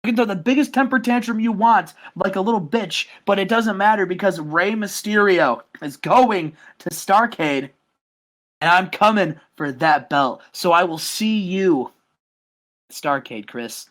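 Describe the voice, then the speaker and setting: A man's voice: high-pitched, a little slow, a bit bright. A podcast co-host voicing a male wrestling challenger who taunts a champion with a confident call-out. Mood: taunting.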